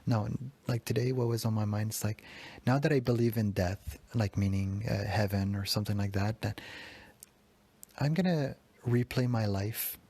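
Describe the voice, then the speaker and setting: Male podcast host, thirties, low gravelly voice, raw self-critical monologue with lots of swearing. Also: normal speed, mellow. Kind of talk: solo confessional podcast monologue.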